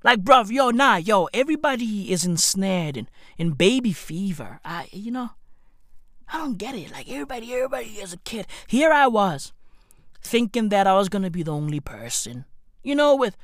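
A young male podcast host delivers a profane, rambling comedic monologue, tagging his lines with "right?" and swinging up into shouts. His voice sits high at a moderate pace, recorded in studio quality with no echo.

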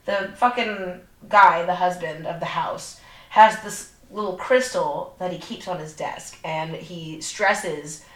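A woman's voice: lowish voice, slow pace. A young woman co-hosting a podcast, retelling a movie plot in casual, profane chat, full of fillers. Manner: profane, animated storytelling with lots of fillers. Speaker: podcast co-host. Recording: echoey room.

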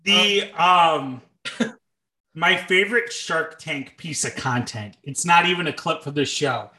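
A young man co-hosts a podcast of casual sports and movie chat, his voice on the high side, slow, pushed and bright. He drops dry, sarcastic jokes between thoughtful takes, with plenty of ums and uhs.

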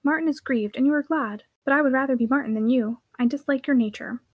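A woman's voice: high-pitched, quick pace, dry recording, phone-quality sound. A woman voicing a serious little girl who speaks earnestly and steadily. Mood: steady.

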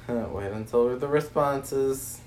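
A podcast co-host in casual chat, animated and teasing, sometimes slipping into a put-on accent for fun. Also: mid-range voice, takes it slowly.

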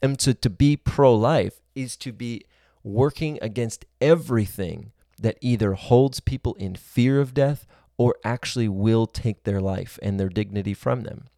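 A man's voice: mid-range voice, measured pace, vocal fry, mellow, dry recording, clean studio sound. A man giving a sermon-style teaching, earnest and reasoning aloud, building his points in long spoken lists.

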